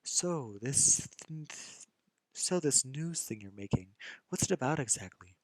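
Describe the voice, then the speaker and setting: A man's voice: medium pitch, animated, measured pace, no echo, pitched above the performer's own voice. A man voicing an eager, teasing young woman friend with an upbeat manner in an amateur visual novel reading.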